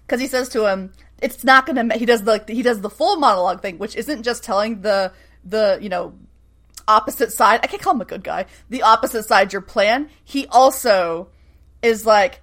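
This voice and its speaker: Animated woman recapping with profane asides. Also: a little high. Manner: animated, swears freely, acts out lines in quick asides. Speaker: podcast co-host recapping a TV episode. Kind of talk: casual chat.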